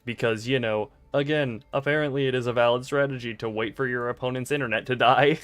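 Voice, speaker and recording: A man's voice: medium pitch, fairly even intonation, brisk, a bit bright, no echo. A man streaming a card game, chatting casually with his viewers in a playful, rambling, self-mocking way. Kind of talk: casual livestream chat while gaming. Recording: dry close mic with faint game music.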